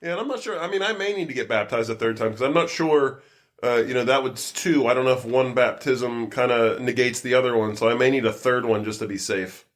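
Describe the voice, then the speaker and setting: Casting note: male podcast host, mid-pitched, rambling and laugh-prone, casual. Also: brisk. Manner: laughs often, rambling storyteller. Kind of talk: casual chat.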